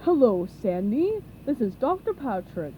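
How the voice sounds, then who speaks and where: A woman voicing a dim-witted, boisterous male starfish in a storybook reading, loud, dopey and drawn-out. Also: fairly high pitch, sing-song, lo-fi sound, a little hiss or hum. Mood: confident.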